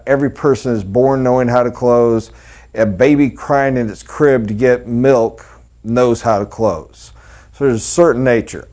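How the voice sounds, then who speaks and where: Middle-aged man, Texas accent, folksy sales trainer, middle pitch, chatty storyteller. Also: darkish tone. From Texas and Oklahoma. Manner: folksy storytelling, acts out customers' voices.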